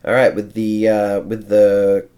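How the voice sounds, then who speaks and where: A male game master narrates a tabletop battle in a measured way, counting out each move. His voice is deep and his pace unhurried. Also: completely flat delivery, mellow. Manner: measured, counting out moves step by step.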